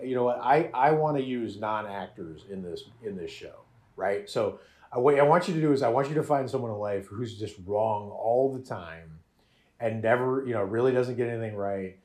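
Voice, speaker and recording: A man's voice: medium pitch, a little fast, darkish tone. A man hosting a podcast, chatting animatedly about a show with frequent laughs and restarts. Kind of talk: casual chat reviewing a show.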